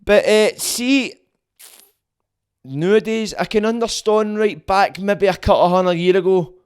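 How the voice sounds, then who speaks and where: A man's voice: high voice, normal speed, darkish tone, clean tone. A man with a Glaswegian Scottish accent, hosting a podcast as a casual solo monologue, blunt, sweary and rambling. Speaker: podcast host.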